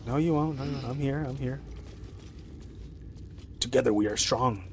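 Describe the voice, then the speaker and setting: A young man streaming live, rambling chattily about his game with excitable reactions. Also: mid-range voice, normal speed, slight background noise. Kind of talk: live gameplay commentary.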